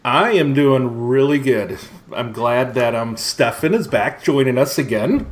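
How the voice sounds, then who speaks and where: A man's voice: medium pitch, animated, a little slow, slight background noise. A man co-hosting a podcast in casual chat, joking and laughing through rambling asides. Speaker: podcast co-host.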